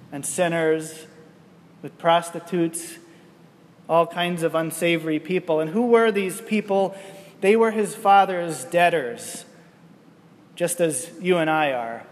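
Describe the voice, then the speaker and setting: A pastor preaches his sermon in a high, clear man's voice. He takes his time and leans on each phrase, posing question after question. His words ring out with a long reverb from a large church. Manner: slow, emphatic preaching with rhetorical questions.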